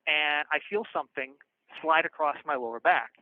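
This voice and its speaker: A man frankly telling stories from his past over a phone call, animated and acting out the voices of the people in them. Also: on the high side, moderate pace, dry recording. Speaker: guest storyteller. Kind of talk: casual storytelling on a call. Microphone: prison phone. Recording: tinny phone line.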